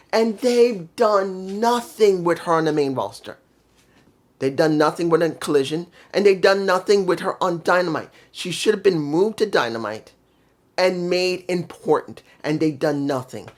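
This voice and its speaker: A wrestling show reviewer in a casual review vlog, ranting with real heat and cursing freely. The delivery stays worked up and blunt, pushing point after point. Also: mid-range voice. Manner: heated, profane ranting.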